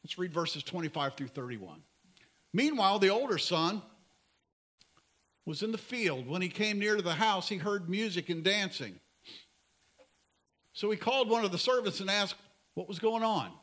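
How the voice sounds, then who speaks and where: A man preaching a sermon as pastor, earnest and pleading, at times dropping to soft emphasis. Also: high-pitched, animated, moderate pace, pauses often.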